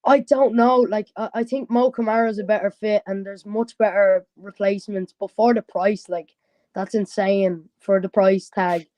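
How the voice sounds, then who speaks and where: A man's voice: sits high, steady tone, normal speed, a little mellow, no room sound. A young man from Dublin with a Dublin Irish accent, calling a fan phone-in, easygoing and upbeat with lots of 'like'. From Dublin, Ireland. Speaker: caller. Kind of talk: casual phone-in chat.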